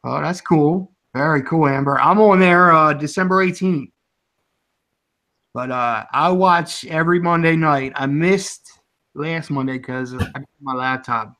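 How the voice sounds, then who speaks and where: A man's voice: a little high, measured pace, pushed and bright. Chatty, rambling man from the Philadelphia area. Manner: rambling, chatty and often laughing. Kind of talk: casual chat.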